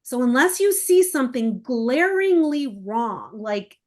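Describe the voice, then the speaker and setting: Woman, middle-aged, slightly high voice, animated, quoting emails and parents in character. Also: measured pace. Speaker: college essay coach. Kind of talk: interview guest explaining.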